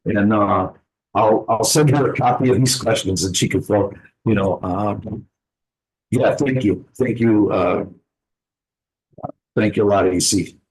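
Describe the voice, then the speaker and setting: A man earnestly sharing a personal story in a group conversation, reflective and pausing to gather his words. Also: fairly low pitch, darkish tone, husky, rough recording.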